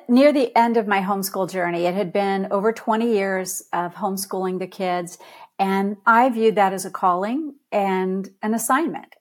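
A middle-aged woman, a guest author, telling a lively story in a podcast interview and laughing easily. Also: mid-range voice.

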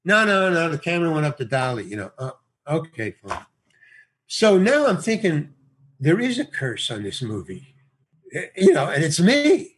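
A man's voice: a little high, moderate pace, breathy edge. A man telling a casual anecdote, acting out the dialogue and laughing often. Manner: animated storyteller, acts out dialogue, laughs often.

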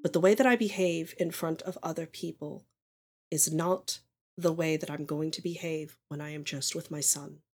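A woman voicing a guarded, regretful middle-aged mother who speaks quietly and in a measured way. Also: low-pitched, fairly even intonation, slightly rough. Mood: earnest.

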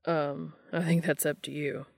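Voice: mid-range voice, level tone, measured pace, gravelly, dry recording, clean studio sound. A reader voicing a cocky adult man who talks casually and teases, in a fan fiction audiobook reading. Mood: teasing. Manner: casual and teasing. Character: cocky, joking adult male hunter.

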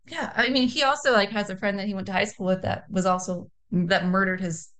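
A woman's voice: mid-range voice, steady tone, a little fast, fairly bright tone. A woman co-hosting a podcast in casual chat, chatty and full of fillers, laughing along with her co-host.

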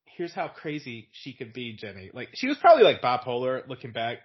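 A man's voice: mid-range voice, very animated, a little fast. Rambling young man, muffled sound. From Virginia. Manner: rambling, many "like" fillers, laughs through stories. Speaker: podcast guest. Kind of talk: casual storytelling chat.

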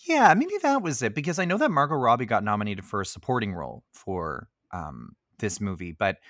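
A man's voice: on the low side, no room sound, studio quality. Chatty man co-hosting a film podcast. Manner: chatty and expressive, doing quick impressions. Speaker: podcast co-host. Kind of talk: casual film review chat.

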